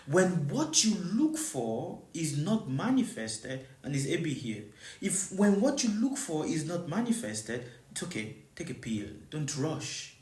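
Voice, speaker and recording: With a medium-pitched, sing-song voice that is a little mellow and unhurried, a spiritual teacher gives a live teaching in a reverberant setting. The delivery is emphatic and repetitive, restating points and rhetorically checking again and again whether listeners understand.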